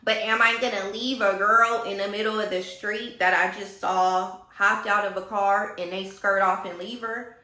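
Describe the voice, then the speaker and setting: A woman telling a story in a casual vlog, animated and gossipy, talking straight to her viewers. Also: mid-range voice, moderate pace, roomy sound.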